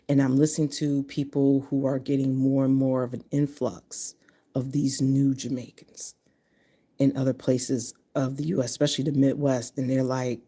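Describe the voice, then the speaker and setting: A woman's voice: extremely low pitch, level tone, normal speed, warm tone. A woman in her fifties from Connecticut, talking bluntly and profanely in a casual monologue to camera. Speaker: vlogger.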